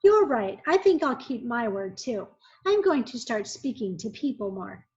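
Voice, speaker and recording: Shy soft-spoken lady, read by a woman. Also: fairly high pitch, very animated, moderate pace, muffled recording.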